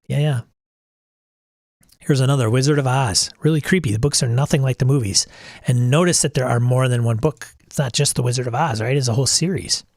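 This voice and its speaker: A man's voice: medium pitch, a little fast, dry recording, clean studio sound. Blunt exasperated middle-aged man host. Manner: blunt, exasperated, swears casually. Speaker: podcast host. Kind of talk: casual livestream talk.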